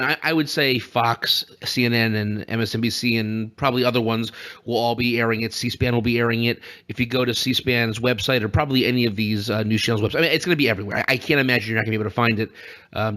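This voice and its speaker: A man co-hosts a casual political podcast, rambling, joking, and laughing often. His mid-range voice is a bit bright.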